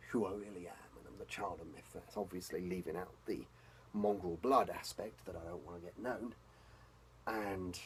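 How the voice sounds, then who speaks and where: A man speaking an in-character role-play journal as a vampire, intense and profane, often dropping to a hushed whisper. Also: lowish voice, slight background noise, poor audio. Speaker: tabletop role-player.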